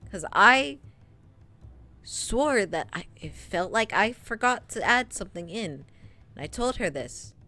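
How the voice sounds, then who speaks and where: A young woman streaming, telling a work story in casual chat, laughing often and filling pauses with ums. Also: mid-range voice, expressive, bright, forceful tone. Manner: chatty, laughs often, many ums and trailing asides.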